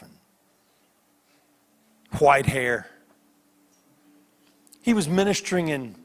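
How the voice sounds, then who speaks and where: A man preaching a sermon as a guest preacher, telling stories with lively voiced characters. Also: mid-range voice. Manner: animated storytelling with voiced characters. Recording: long hall reverb.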